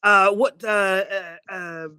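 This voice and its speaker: Owl informant, male, schmoozy and conspiratorial, a touch higher and lighter as a game master puts him on. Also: fairly even intonation, slow pace, sharp tone, smooth, no room sound, studio quality, exaggerated voice. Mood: schmoozing. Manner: chummy, conspiratorial, slips into mock Spanish.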